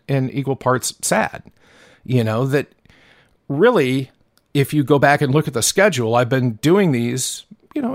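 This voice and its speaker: Cursing, worked-up podcast ranter. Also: male voice, mid-range voice, no room sound, studio quality. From Pacific Northwest of the US. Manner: profane, worked-up ranting with frequent restarts. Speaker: podcast host. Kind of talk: solo podcast monologue.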